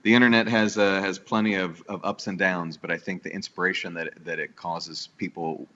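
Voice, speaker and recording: A man from the New York area chats as a guest in a podcast interview. His voice sits low and comes through a dull, lo-fi recording. He talks eagerly in long rambling runs, often restarting his sentences. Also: flat delivery, moderate pace, a bit bright, a little hiss or hum. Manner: enthusiastic, rambling with many restarts. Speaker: guest, bakery owner.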